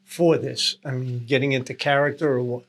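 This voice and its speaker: A man's voice: medium pitch, fairly even intonation, brisk. A man interviewing a guest casually, asking easygoing questions between short affirmations.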